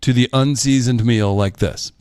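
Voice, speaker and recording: A man's voice: medium pitch, normal speed, darkish tone, smooth. A man from the podcast crew asking curious, playful questions in casual chat.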